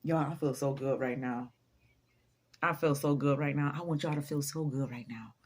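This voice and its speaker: With a low-pitched, slightly mellow voice carrying a breathy edge, a female motivational vlogger talks at normal speed. She's emphatic and sermonizing, drops profanity freely, repeats herself for effect and laughs often.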